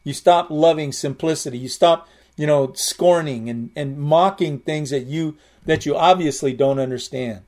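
A middle-aged man preaching a sermon in a conversational way, repeating and restarting words and slowing down to stress key lines. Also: fairly high pitch, darkish tone.

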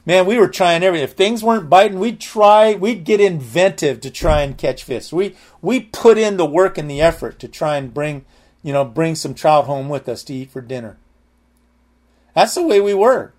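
A male pastor delivers a sermon in a relaxed, talky style, stumbling over restarts and dropping in amens. His voice sits a little higher than most men's. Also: normal speed. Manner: conversational preaching with frequent amens and restarts.

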